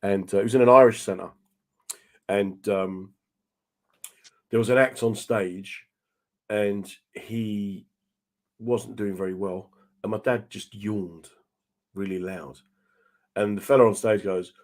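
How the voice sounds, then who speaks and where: A man's voice: lowish voice, fairly even intonation, measured pace, long pauses. A British man hosting a radio talk show, telling stories in a casual, chatty way and acting out the quotes. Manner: storytelling, chatty, acts out quotes. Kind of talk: casual chat.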